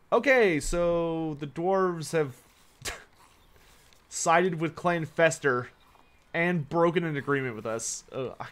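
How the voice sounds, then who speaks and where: A man streaming a strategy game live, chatting casually, answering viewers' questions and sounding tired. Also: on the high side. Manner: chatty, answers chat questions, swears when annoyed. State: tired, yawning. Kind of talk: casual live-stream commentary while playing.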